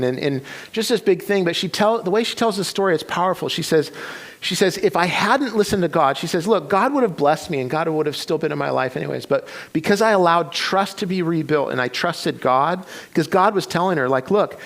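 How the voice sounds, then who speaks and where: A man's voice: on the high side, expressive, a little fast. A man preaching a sermon, retelling a story with many restarts and quoted voices. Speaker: pastor. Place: church sanctuary.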